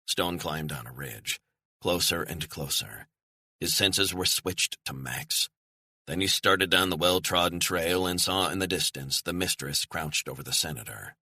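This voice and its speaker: A man reading a thriller audiobook in measured, storytelling narration. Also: sits low, pushed and bright, dry recording, clean studio sound.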